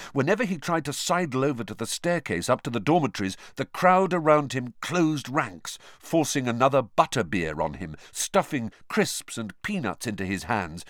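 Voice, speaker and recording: Man narrating an audiobook, lively intonation. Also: mid-range voice, no room sound, clean studio sound. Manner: expressive storytelling with lively intonation. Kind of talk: scripted narration.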